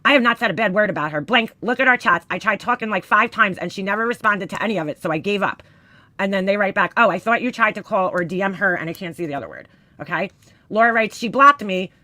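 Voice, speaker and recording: A woman reading screenshots aloud in casual commentary, profane and exasperated, giving the quoted lines loud emphasis. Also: mid-range voice, quick pace, dry recording.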